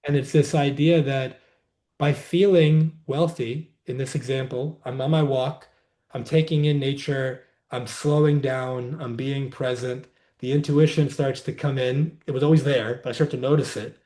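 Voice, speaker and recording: A man as a podcast guest, calmly explaining a wellness practice in a reflective, conversational way, seated indoors. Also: mid-range voice. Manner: reflective, unhurried, says "like" often. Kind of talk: conversational interview, teaching.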